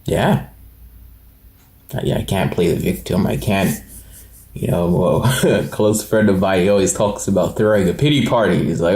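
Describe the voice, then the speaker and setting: A man's voice: deep voice, expressive, normal speed, long pauses, a little mellow, reverberant. A man in his twenties talking earnestly in a personal vlog, rambling with many fillers and restarts. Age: 20s. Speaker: motivational channel host.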